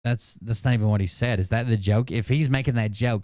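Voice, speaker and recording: A man's voice: mid-range voice, a little fast, warm tone, dry recording, studio quality. Blunt, sarcastic man reacting live. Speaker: channel host reacting to clips. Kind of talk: live-stream reaction commentary.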